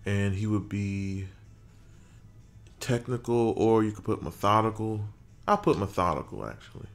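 A deep-voiced man with a gravelly, fry-heavy tone talks his way through a game's character creator. He mumbles half to himself, trailing off and cursing lightly, while faint music plays in the background. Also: animated, measured pace. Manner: muttering to himself while working, mild swearing. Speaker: gaming creator. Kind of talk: casual game commentary.

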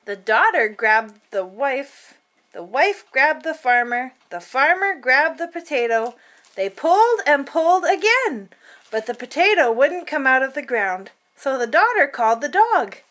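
A woman reading a picture book aloud to children in an expressive, playful storytelling manner. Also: high-pitched, a little slow.

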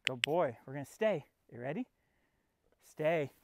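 A man's voice: on the high side, expressive, a little slow, vocal fry, background noise. A man training his puppy outdoors, coaxing the dog and explaining each step in a casual vlog. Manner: coaxing and talking to his dog, narrating between commands. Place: outdoors in a field.

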